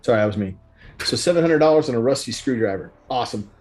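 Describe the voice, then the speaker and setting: A man playing in a tabletop game, easygoing and planning out loud. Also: mid-range voice, lively intonation, fast. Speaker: player. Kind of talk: casual tabletop play.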